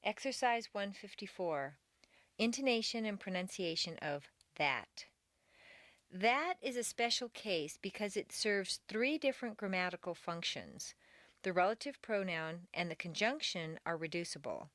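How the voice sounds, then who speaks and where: A woman leads a recorded pronunciation lesson and reads each example slowly and deliberately. Her intonation swoops up and down well beyond normal speech, because she exaggerates it for learners to copy. The recording is dry and close, with no room sound. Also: medium pitch, animated, a bit bright, no echo. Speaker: accent training instructor.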